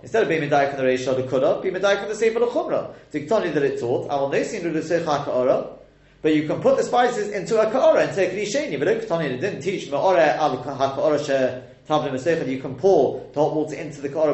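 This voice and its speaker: Guy teaching a class, fairly high voice, keeps asking the room questions, echoey room sound. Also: expressive, quick pace, darkish tone. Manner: quizzes listeners with rhetorical questions. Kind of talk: explanatory text lesson.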